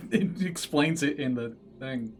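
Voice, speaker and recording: A man playing in a tabletop game, chatting in a playful, animated way. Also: fairly high pitch, takes it slowly. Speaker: player. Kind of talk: casual tabletop game play.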